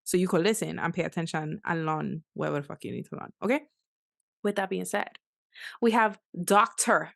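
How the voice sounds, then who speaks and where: A brash, joking woman hosting a casual podcast, with a lowish voice. She swears freely and the sound is dry and close. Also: fast talker, creaky, no echo. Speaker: podcast host.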